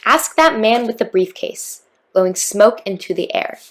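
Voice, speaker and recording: A woman's voice: mid-range voice, expressive, normal speed, close to an everyday voice. A woman reading aloud, voicing the jester's loyal, eager companion in a storybook. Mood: eager indignant.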